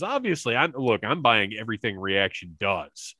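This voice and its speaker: Excitable chatty man, bright dry voice. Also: on the low side, dry recording. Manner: excitable, chatty, quick to laugh. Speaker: podcast co-host. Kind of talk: casual chat about a cartoon.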